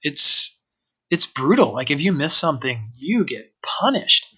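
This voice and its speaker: A man's voice: fairly high pitch, sing-song, a little slow, bright, forceful tone, breathy edge, low-quality recording. A man being interviewed about running an organic vineyard, talking casually with many ums and restarts. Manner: hesitant, lots of fillers and restarts. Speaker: organic winery owner, guest.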